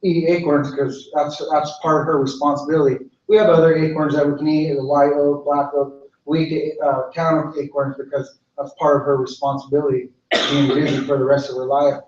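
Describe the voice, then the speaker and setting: A man tells a traditional story aloud, unhurried and circling back on his phrases, in a slightly raised voice. He is picked up from a distance in a reverberant space. The sound is dull and lo-fi. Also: a little high, flat delivery, darkish tone. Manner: unhurried, repetitive, with many restarts. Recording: echoey, distant, lo-fi hall recording.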